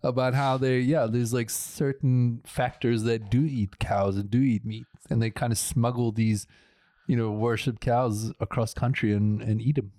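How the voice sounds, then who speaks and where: A man's voice: medium pitch, fairly even intonation, normal speed, warm tone, no echo. A man co-hosting a casual podcast chat, joking offhandedly and padding his sentences with fillers. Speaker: podcast co-host.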